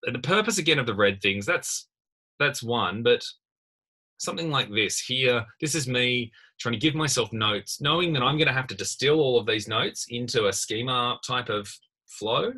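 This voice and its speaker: A man's voice: medium pitch, expressive, moderate pace, sharp tone, breathy edge. A man lecturing in a casual screen-recorded tutorial, thinking aloud with many fillers and restarts. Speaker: university lecturer.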